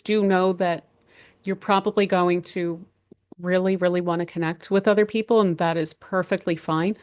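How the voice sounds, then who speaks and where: On her astrology channel, a woman walks through the month's signs in a rambling, casual manner, restarting often and offering gentle advice. Her voice runs on the low side.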